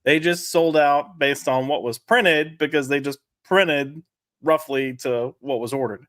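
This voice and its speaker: A man's voice: on the high side, fairly even intonation, unhurried, fairly bright tone, no room sound, clean studio sound. A man telling a rambling story in a casual panel chat and acting out the people in it. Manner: rambling storyteller, acts out the people in his stories. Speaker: panel guest.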